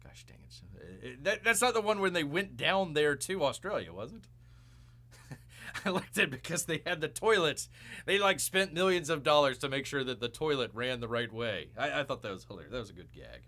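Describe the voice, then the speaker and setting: A man's voice: a little high, big pitch swings, moderate pace, pushed and bright. A man hosting a live show, rambling through casual commentary and calling himself Bear with jokey, mock-outraged asides.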